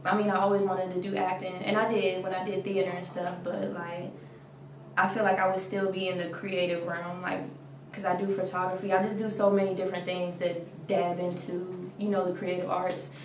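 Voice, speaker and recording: A woman's voice: on the low side, little pitch movement, brisk, far from the mic. Blunt, laughing young woman. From Washington DC area. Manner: blunt, laughs often, says "like" a lot. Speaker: rapper guest. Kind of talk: casual interview. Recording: echoey room, speaker off mic, faint noise.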